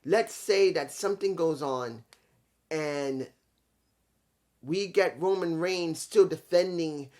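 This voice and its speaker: A man reviewing a wrestling event in casual talk, animated and retelling scenes with his own restarts. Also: a little high, slow pace, long pauses. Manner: animated, acts out quotes, restarts. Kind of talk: casual recap and opinion talk.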